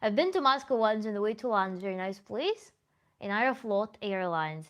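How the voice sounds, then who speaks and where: A woman's voice: mid-range voice, expressive, moderate pace, fairly bright tone. A woman tantra coach hosting a livestream Q&A, reading chat comments aloud in a thoughtful, self-correcting way with small laughs.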